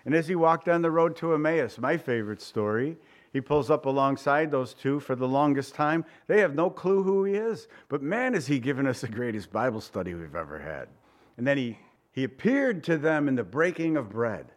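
Conversational preacher man, lively delivery. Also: normal speed. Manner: conversational, asks the congregation questions; acts out quoted voices with big pitch swings. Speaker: pastor. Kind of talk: sermon.

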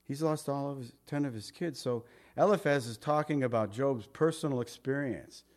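A man preaching a verse-by-verse sermon in a conversational, emphatic way, reading scripture aloud and often dropping to a soft murmur. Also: medium pitch, moderate pace. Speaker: pastor.

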